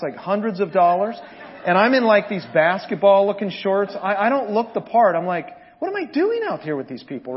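A man preaching a sermon as pastor, telling animated, joking stories to his congregation. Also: high-pitched, dull audio. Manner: animated storytelling, jokes with the congregation.

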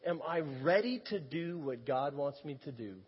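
Animated high-voiced man preaching in a hall. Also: normal speed, slightly rough. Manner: animated, laughing storyteller. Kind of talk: sermon storytelling. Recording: echoey hall, dull lo-fi sound.

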